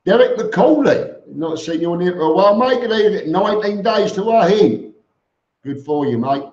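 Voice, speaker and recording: A man with a high-pitched, expressive, somewhat dark voice hosts a casual live stream from a room at home with fans running. Speaking at normal speed, he chats through viewers' comments and greets them by name. The audio is echoey and dull, with a lo-fi quality.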